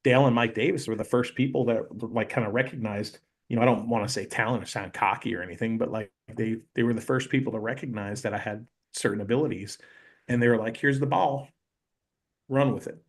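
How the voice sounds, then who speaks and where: A man guest on a podcast, telling animated stories in casual chat and acting out the people he quotes. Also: lowish voice, quick pace, husky. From North Carolina. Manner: animated storyteller, acts out quoted voices, many "you know"s.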